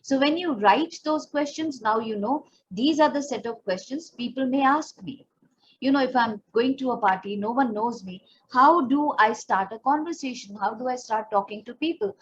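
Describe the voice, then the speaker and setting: A woman's voice: on the high side, normal speed, slightly rough. A woman with an Indian accent, a pageant coach giving earnest, encouraging advice straight to her viewers. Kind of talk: instructional talk to camera. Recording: slightly dull recording.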